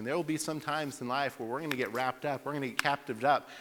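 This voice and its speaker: A man preaching a sermon, telling a story and swinging between loud bursts and quiet asides. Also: mid-range voice, fast talker, a little hiss or hum. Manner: storytelling with lively swings in loudness. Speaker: pastor. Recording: long hall reverb.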